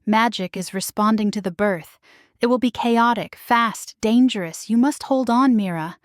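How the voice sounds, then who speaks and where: A woman voicing a calm mystical healer woman who speaks solemnly and softly in an audiobook romance story. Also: fairly high pitch, normal speed, no echo, studio quality, close to an everyday voice. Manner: solemn, hushed.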